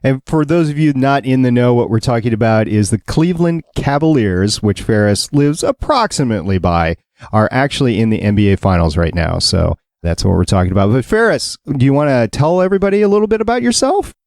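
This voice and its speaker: A man's voice: medium pitch, lively intonation, a little fast, darkish tone, no room sound, clean studio sound. A man hosting a podcast, upbeat and rambling, laughing easily as he chats. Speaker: podcast host. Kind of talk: casual podcast chat.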